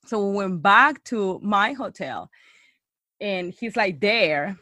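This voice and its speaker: A woman telling a story in casual chat, animated, acting out quotes and saying "like" a lot. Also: slow, no echo, studio quality. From Bay Area. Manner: animated, acts out quotes in a high voice, lots of "like".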